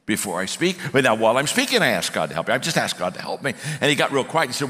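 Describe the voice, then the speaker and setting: A man's voice: mid-range voice, racing, hardly any pauses. A middle-aged man preaching a sermon, telling stories with lots of restarts and repeated words. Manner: animated storytelling with frequent restarts. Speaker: speaker and coaching company owner. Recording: long hall reverb.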